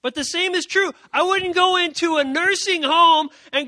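A man giving an energetic youth sermon, animated, repeating his key points and acting out quoted voices. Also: extremely high pitch, moderate pace, few pauses, no room sound. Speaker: youth speaker.

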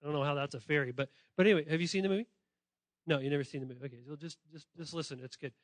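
A man preaching a lively, playful sermon to children and students, often calling on listeners and correcting himself as he goes. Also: a little high, rapid-fire, no room sound. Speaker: pastor speaking to children and students. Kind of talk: lively sermon addressed to kids.

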